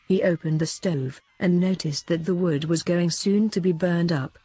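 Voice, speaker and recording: A woman narrating an old religious book in a steady, measured voice. Her tone is dark and mellow with a husky edge. The sound is dry and close. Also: fairly low pitch, no room sound. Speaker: reader.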